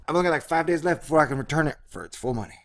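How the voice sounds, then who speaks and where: A man's voice: a little high, expressive, very fast, slight background noise. A man riffing jokingly as co-host of a casual talk recording made in an apartment, swearing and wandering off topic. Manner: jokey, swearing, tangential. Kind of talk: rambling comedic commentary.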